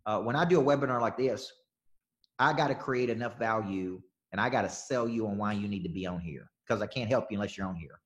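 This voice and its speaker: A man's voice: on the low side, fast. A man coaching on sales during a live webinar, talking emphatically and repeating his points as he answers questions.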